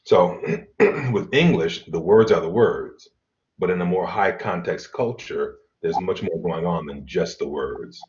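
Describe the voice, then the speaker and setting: A middle-aged man teaching an online college class, explaining in a relaxed way with fillers and throat clearing. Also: sits low, a little slow, a little hiss or hum. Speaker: college instructor. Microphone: computer mic on video call. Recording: dull lo-fi video call audio.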